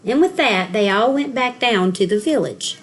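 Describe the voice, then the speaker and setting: Woman, school counselor, children's storybook read-aloud, fairly high voice, clear, expressive. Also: moderate pace.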